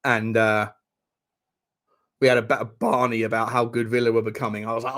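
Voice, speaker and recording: A man hosting a live football watchalong stream, reacting to the chat in an excitable, sweary way with bursts of laughter. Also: mid-range voice, fairly quick.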